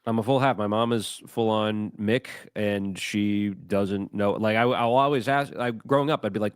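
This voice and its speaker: A lowish male voice telling loose, rambling, self-deprecating stories on a podcast. It is recorded close and dry, with no room echo. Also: moderate pace, hardly any pauses, smooth. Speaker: podcast co-host. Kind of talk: casual comedic chat.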